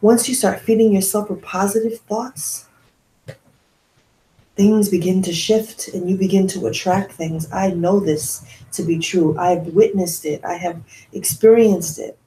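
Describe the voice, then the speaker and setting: A woman podcast host talking and leading a guided meditation in a soft, slow, affirming way. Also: mid-range voice, steady tone, reverberant, slight background noise, rough recording.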